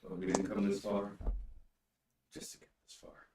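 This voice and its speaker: Deep-voiced man joking in a roomy space. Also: monotone. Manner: joking, quick banter. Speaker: player. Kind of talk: casual play at a game table. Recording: roomy echo, faint background noise.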